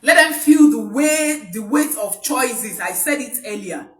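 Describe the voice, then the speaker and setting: A woman's voice: fairly high pitch, expressive, unhurried. A woman, a parenting coach giving an emphatic live-streamed talk to parents, repeating her key points. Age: adult parent. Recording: roomy, voice from mic distance.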